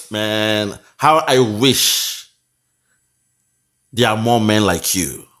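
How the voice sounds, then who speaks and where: A man's voice: on the low side, a bit bright. Mocking Nigerian man commenting on a video. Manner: mocking, preachy, with pidgin asides.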